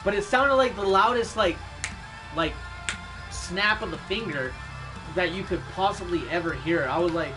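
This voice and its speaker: A man's voice: high-pitched, measured pace, long pauses. A man streaming, chatting casually in a laid-back way, swearing often and laughing at his own stories. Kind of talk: casual rambling chat. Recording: music playing in the background. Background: music.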